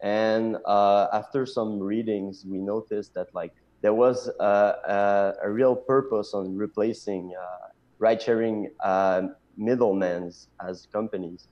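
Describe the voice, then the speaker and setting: A man with a French accent, French being his first language, speaking as a tech guest in a casual interview, with halting speech and many fillers. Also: lowish voice, fairly even intonation, dull audio. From Canada. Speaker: chief technical officer guest.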